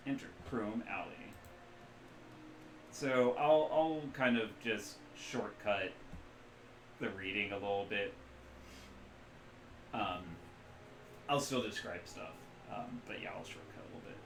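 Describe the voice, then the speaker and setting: A man's voice: on the low side, takes it slowly, creaky, pauses often, slight background noise. A man serving as game master, narrating a tabletop role-playing game casually, dropping apologetic asides between scene descriptions. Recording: roomy echo with faint ambience.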